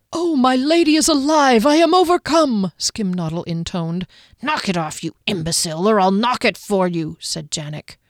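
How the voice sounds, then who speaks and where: Woman narrator, fantasy audiobook, measured expressive reading, mid pitch, dry close recording. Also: no echo.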